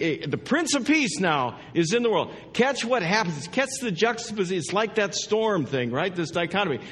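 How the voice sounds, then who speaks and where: A man preaches a sermon with a fairly high voice. His dynamic delivery drops to hushed, drawn-out words and climbs to emphatic peaks. The sound carries a long reverb from a church sanctuary. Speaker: pastor.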